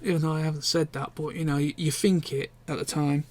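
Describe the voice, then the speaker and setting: A man's voice: fairly high pitch, steady tone, brisk, darkish tone. A young man, chatting casually and candidly in a rambling vlog catch-up, with the odd swear word. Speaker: vlogger. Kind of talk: casual chat.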